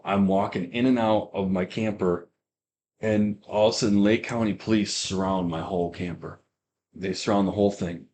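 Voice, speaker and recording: A man's voice: sits low, a little mellow. A young man telling a personal faith testimony on a podcast, rambling, with many restarts and fillers. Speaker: guest giving a testimony.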